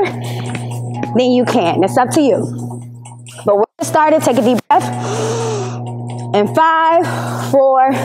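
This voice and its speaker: Encouraging high-pitched woman teacher. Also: rough recording. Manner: encouraging, counts down reps. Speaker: PE teacher leading exercises. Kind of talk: instructional exercise lesson.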